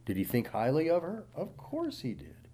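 A man's voice: huge pitch swings, normal speed, slight background noise. A middle-aged man preaching a sermon, reading scripture aloud and explaining it in plain talk. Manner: rises loud and high reading scripture, drops quiet and low explaining.

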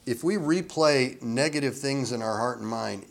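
A man preaching a sermon in a mid-pitched voice. He keeps it conversational, breaks into chuckles often and gives quoted speakers voices of their own. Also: moderate pace, vocal fry. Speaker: pastor.

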